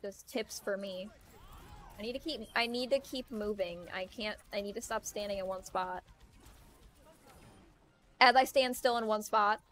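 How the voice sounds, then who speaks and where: A woman's voice: medium pitch, unhurried, pauses often, a bit bright. A young woman chatting casually and rambling while streaming a video game, laughing often. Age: young adult. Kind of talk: casual gaming stream chat.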